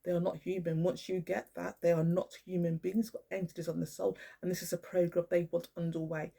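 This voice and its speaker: Gravelly, husky older speaker, cursing. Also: medium pitch, level tone, warm tone. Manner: profane, emphatic, repetitive; halting, with many restarts. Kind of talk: rambling monologue to camera.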